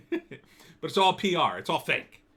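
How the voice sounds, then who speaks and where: A man's voice: a little high, sing-song, unhurried, bright, forceful tone, breathy edge. A man giving an opinionated, sardonic commentary monologue in a loose, conversational way. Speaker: political commentator.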